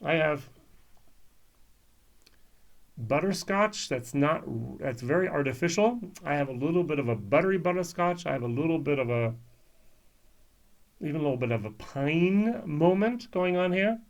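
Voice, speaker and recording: A man's voice: a little high, lively intonation, moderate pace, pauses often. A man reviewing whisky in a casual, musing way, with frequent ums and restarts.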